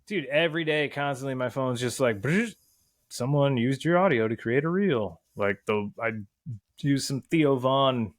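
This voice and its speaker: Appearing as a podcast guest in a casual chat, a medium-pitched man rambles at normal speed, swears heavily, and often slips into voices to act out quotes. The studio sound is clean, with no room sound.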